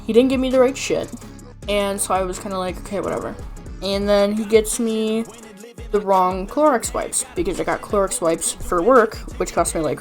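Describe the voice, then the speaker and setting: A young woman streamer telling a rant in casual chat, exasperated and swearing often. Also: medium pitch.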